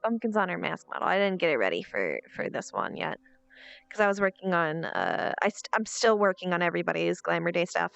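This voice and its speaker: Waiting for someone, this female streamer thinks aloud in chatty self-narration. Her voice sits on the low side with vocal fry and a fairly bright tone, expressive and a little fast. Faint music plays under dull lo-fi stream audio.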